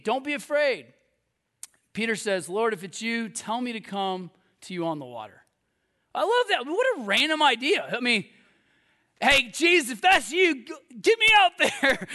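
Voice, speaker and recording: A male preacher with a high, bright voice, giving a sermon in an animated, storytelling way. He acts out the voices of the people he quotes and laughs at himself often. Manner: laughs often, self-deprecating. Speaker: pastor.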